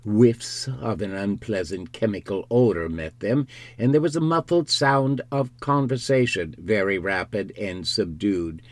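A man narrating a classic novel in a measured, unhurried storytelling manner. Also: on the low side, no echo. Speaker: audiobook narrator.

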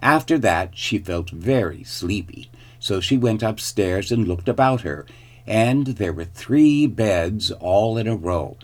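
A man narrates a children's fairy tale, taking his time over each line. His voice sits low and his delivery is slow and deliberate. He reads with clear, storybook expression. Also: expressive. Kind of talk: storybook reading.

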